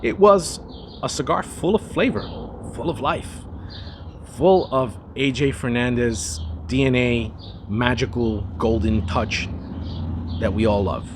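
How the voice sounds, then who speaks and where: A man's voice: mid-range voice, a little slow, noisy background. A man hosting a cigar review, talking in a rambling, chatty way with lots of asides and restarts. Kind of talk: casual cigar review monologue.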